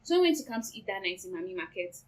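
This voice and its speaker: Fast-talking Nigerian young woman. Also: mid-range voice, rough recording. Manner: lively, laughing, quotes herself and others. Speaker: co-host. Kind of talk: casual storytelling.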